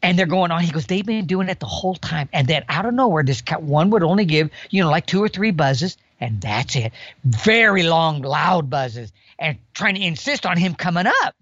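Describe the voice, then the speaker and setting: A man in his sixties, a guest on a podcast, telling an animated story about the outdoors, sometimes imitating animal calls. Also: fairly high pitch, normal speed, no echo, dull audio. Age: 60s. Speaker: guest elk hunter.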